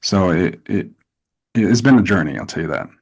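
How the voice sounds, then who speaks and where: Gravelly low-voiced man telling stories. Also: moderate pace. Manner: animated storytelling with repeated restarts. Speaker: actor, interview guest. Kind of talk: casual interview chat.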